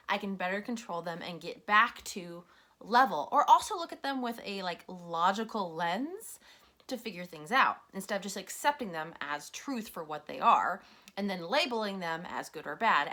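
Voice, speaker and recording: A woman's voice: medium pitch, pushed and bright. A woman hosting a solo podcast, talking in a candid, conversational, self-reflective way. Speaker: podcast host.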